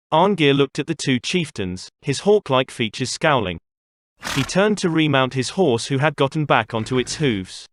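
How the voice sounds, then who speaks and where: A man narrating an audiobook in a steady storytelling voice. His pitch is middling, and the recording is dry and close. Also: no room sound. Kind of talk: scripted narration.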